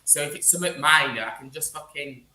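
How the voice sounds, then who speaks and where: A man's voice: on the high side, fast talker, sharp tone, reverberant. A man telling a rambling story in casual chat, acting out dialogue. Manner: rambling, acts out police dialogue.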